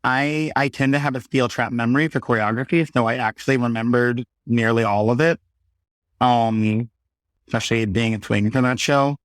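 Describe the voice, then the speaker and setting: A man in his thirties, a podcast guest, telling lively stories in casual talk and acting out the quotes. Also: medium pitch, moderate pace, no room sound, studio quality. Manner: animated storyteller, acts out quotes. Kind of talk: casual conversation.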